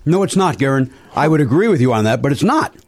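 A man hosting a casual podcast chat, animated and exclaiming, swearing in mock outrage. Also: medium pitch, fast talker. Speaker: podcast host.

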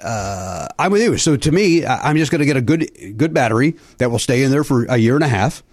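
A man's voice: medium pitch, expressive, brisk, no echo, studio quality. A middle-aged man hosting a comedy podcast, rambling and joking with many fillers in casual banter. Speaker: podcast host. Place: podcast studio.

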